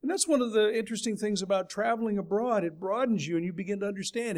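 A man's voice: high-pitched, fast talker, hardly any pauses. A middle-aged man from California giving a sermon in a folksy, conversational storytelling way. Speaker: preacher.

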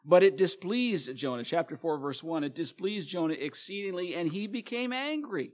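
A man's voice: high-pitched, expressive, moderate pace, few pauses. A male preacher reading scripture aloud and explaining it in a plain sermon, with fillers and restarts.

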